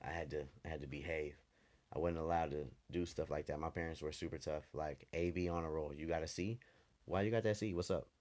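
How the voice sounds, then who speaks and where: A man's voice: rumbling low, flat delivery, brisk, a little mellow. A man co-hosting a podcast, telling candid stories from childhood in a loose, casual way. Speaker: podcast co-host. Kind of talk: casual chat.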